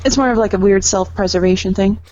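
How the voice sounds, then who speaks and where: A woman's voice: mid-range voice, quick pace, darkish tone, no echo, lo-fi sound. A woman photographer and artist talking in a casual podcast chat, candid and laughing often, with some casual swearing.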